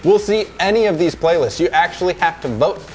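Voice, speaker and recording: A man's voice: high voice, expressive, fairly quick, a little mellow. A man on an esports panel, teasing his co-hosts and explaining game settings. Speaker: esports caster. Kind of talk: casual esports panel banter.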